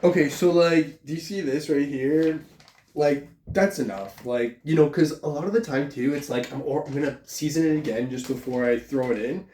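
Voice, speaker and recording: A man's voice: fairly high pitch, normal speed, dark tone, a little hiss or hum. A man, a YouTuber, ranting casually in a profane, rambling way while cooking in his home kitchen. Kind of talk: casual vlog rant. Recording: echoey room.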